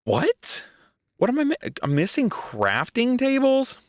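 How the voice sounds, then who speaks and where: A man's voice: very high-pitched, wildly swooping pitch, a little slow, dry recording, studio quality. A young adult man giving casual gameplay commentary, talking to himself in an exasperated, joking way. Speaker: gaming video creator.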